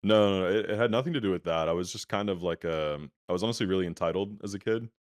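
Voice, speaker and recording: A young man speaks as an interview guest, easygoing and full of filler words. His voice sits very low and has a smooth, resonant tone. The sound is dry and comes over a video call that sometimes stutters. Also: fast talker, no room sound. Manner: relaxed, many filler words like "um" and "like". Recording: laggy internet call audio.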